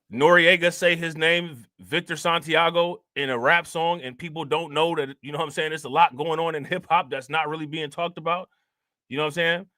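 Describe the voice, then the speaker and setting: A man hosting a casual livestream in loose, slangy talk, tossing in "you know what I'm saying" again and again. His voice is bright and pitched a little high, and the sound is dry and close to the mic. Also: no room sound. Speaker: livestream host.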